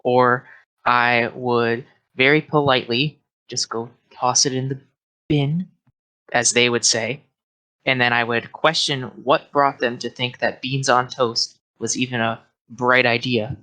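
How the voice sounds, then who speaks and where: Chill guest guy rambling along, bright punchy voice. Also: medium pitch, steady tone, a little slow, low-quality recording. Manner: laid-back, rambling with lots of fillers. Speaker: podcast guest. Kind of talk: casual podcast chat.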